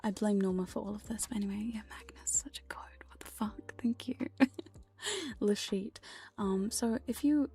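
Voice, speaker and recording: Close to a binaural dummy-head mic, a female VTuber chats in a whispered ASMR stream, playful and teasing with casual swearing. Her mellow, medium-pitched voice moves at a normal speed.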